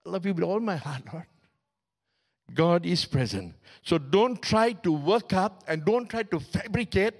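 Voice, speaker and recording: A middle-aged male pastor preaching a sermon in a lively, conversational way, with humor and spoken sound effects. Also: fairly high pitch.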